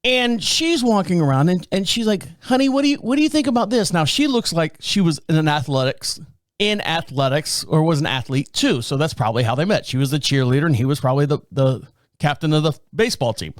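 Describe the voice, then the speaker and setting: Man, podcast host, casual storytelling, chuckling, animated, fairly high pitch. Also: fairly quick, no echo. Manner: animated, chuckling, acts out quotes.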